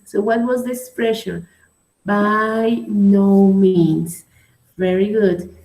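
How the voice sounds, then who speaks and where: A woman's voice: mid-range voice, mellow, roomy sound, poor audio. A woman teaching an English grammar lesson in a patient manner with a Colombian Spanish accent, praising students by name and checking in often.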